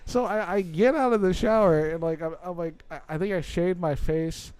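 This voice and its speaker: A young man co-hosting a podcast, telling a story in a casual, animated, exasperated way and swearing often. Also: high voice, brisk, hardly any pauses, clean tone, dry recording. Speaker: podcast co-host.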